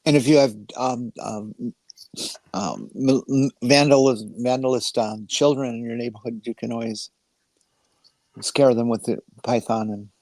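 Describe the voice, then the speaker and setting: A man chatting over a video call, halting and sardonic, with many ums and restarts. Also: mid-range voice, fairly even intonation, a little mellow, no room sound, poor audio. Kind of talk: casual chat.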